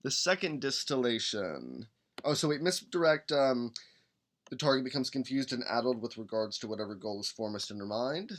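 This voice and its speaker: A man in casual live-stream chat, upbeat and rambling, with a voice of ordinary middle pitch. He reads rules text aloud between quick asides and hums under his breath while searching. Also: expressive, fairly bright tone. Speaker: podcast host building a game character.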